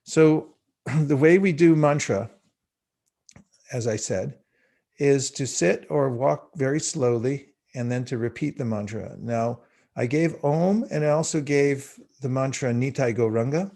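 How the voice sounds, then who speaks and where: Over a video call, a man in his sixties gives a guided spiritual talk in a mellow, mid-range voice. He teaches unhurriedly and in a measured way, pausing often.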